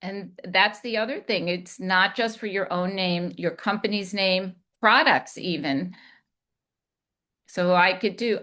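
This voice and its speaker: A woman communication coach giving a deliberate instructional talk, demonstrating inflection as she goes. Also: medium pitch, bright, forceful tone.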